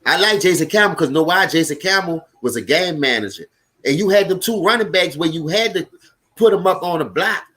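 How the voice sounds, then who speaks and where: Profane, animated New Orleans man, high voice. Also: fairly quick. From Louisiana. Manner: loud, profane, animated, chatting with viewers. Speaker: sports stream host. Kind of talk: casual live sports commentary.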